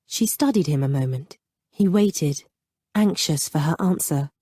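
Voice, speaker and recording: A woman narrating an audiobook romance novel in a calm, measured storytelling manner. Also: low voice, breathy edge, dry recording, studio quality. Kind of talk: scripted narration.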